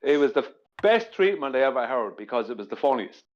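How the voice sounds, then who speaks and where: A man on an online panel, telling stories in an animated way and laughing as he goes. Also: medium pitch, brisk, muffled recording. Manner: animated, giggly storyteller. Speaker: panel guest. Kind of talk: casual panel chat.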